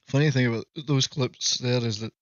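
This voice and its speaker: A man's voice: mid-range voice, a bit bright, dry recording. Rambling Scottish man chatting on a livestream. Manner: rambling, self-mocking joker. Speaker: livestream host. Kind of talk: casual livestream chat. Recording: slightly muffled, dry audio.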